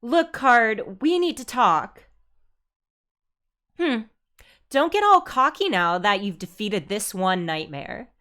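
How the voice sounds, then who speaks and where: A woman voicing a cocky, seductive female dark figure who teases and taunts. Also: fairly high pitch, big pitch swings, takes it slowly, long pauses, voice pushed up, full character voice. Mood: taunting. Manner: teasing, taunting.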